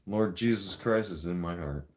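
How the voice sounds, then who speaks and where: A man's voice: deep voice, moderate pace, slight background noise. A man hosting a live stream, ranting at his viewers in a confrontational, rambling way, addressing them directly.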